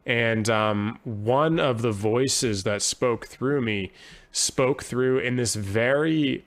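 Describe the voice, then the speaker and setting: A man's voice: mid-range voice, slow pace. Male podcast guest, mid voice, earnest and searching, casual conversational delivery. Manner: earnest and searching, thinks aloud with frequent restarts. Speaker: podcast guest, poet and musician. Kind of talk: conversational interview.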